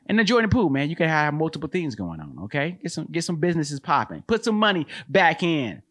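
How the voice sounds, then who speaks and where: A man's voice: a little high, big pitch swings, quick pace, a bit bright. A man hosting a comedic solo commentary, loose and slangy, who keeps calling listeners man and bro and laughs at his own jokes. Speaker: host and comedian.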